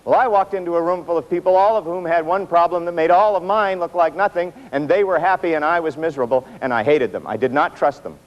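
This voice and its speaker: A man giving a motivational workshop talk to an audience in a room, telling stories with self-mocking humor and dramatic pauses. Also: fairly high pitch, lo-fi sound. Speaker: motivational speaker.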